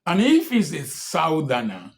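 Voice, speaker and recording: A man delivering impassioned political commentary in a fairly high voice. He speaks slowly and deliberately, hammering home one rhetorical question after another. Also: huge pitch swings, gravelly. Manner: repeated pointed rhetorical questions.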